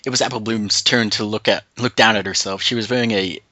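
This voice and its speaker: A man reads fanfiction aloud over a voice call, his voice a bit low and quite bright. He stumbles over words and keeps breaking into laughter. The sound is dry, through a computer mic. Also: steady tone, fast talker, dry recording, poor audio. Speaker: reader on a group call.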